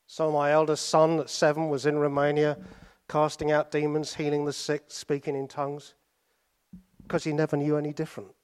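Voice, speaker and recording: A man from Britain preaches to his congregation in a fairly high voice. He tells his stories unhurriedly, pausing often and dropping to quiet asides. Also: monotone, clean tone. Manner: storytelling, with pauses and sudden drops to soft asides. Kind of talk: sermon.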